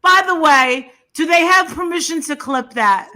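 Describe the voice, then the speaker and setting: A woman's voice: high voice, normal speed, bright, forceful tone. A woman chatting as a guest on a livestream, giggly and teasing. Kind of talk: casual livestream chat.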